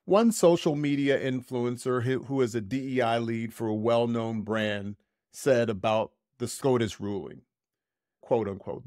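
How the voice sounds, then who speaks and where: A man hosting a podcast, reading a prepared essay in a measured, deliberate way and slowing down to stress key words. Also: medium pitch, a little mellow, no room sound, clean studio sound. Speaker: podcast host.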